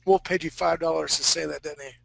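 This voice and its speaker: A man's voice: on the high side, fairly even intonation, fast, vocal fry, fairly bright tone, low-quality recording. A man teaching a live fantasy-art drawing class, talking casually and joking with his students. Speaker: art instructor.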